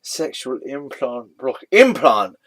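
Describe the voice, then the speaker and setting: A man's voice: mid-range voice, very animated, slow, a bit bright, slight background noise. A man reading a web page aloud and mocking it, often breaking into laughter and mock-dramatic outbursts. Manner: giggly, keeps breaking into laughter.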